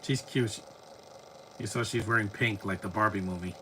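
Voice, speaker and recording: A man's voice: fairly low pitch, steady tone, normal speed, fairly bright tone, slight background noise. A man giving casual, rambling live commentary while watching a movie. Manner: rambling, chatty, frequent restarts.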